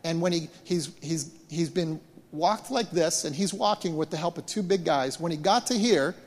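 Man, pastor, animated storytelling sermon, stumbles and repeats words, higher voice. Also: normal speed. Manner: animated, repeats and restarts words while retelling events. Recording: long hall reverb.

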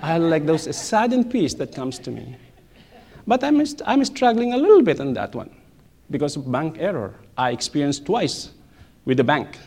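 A middle-aged man telling a personal church testimony, animated, repeating phrases and laughing between lines, with non-native English grammar. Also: a little high, moderate pace, vocal fry.

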